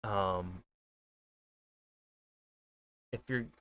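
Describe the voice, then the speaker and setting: A man's voice: deep voice, drawn-out words, fairly bright tone, no echo. A man, an author, giving casual reaction commentary, rambling with many fillers and restarts. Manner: rambling, lots of fillers and self-corrections.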